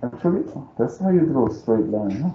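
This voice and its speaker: A man's voice: medium pitch, animated, brisk, a little hiss or hum. A man with a non-native English accent teaching a live calculus lecture, thinking aloud as he works and coaxing students to agree with him. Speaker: math teacher. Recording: roomy, dull lo-fi sound.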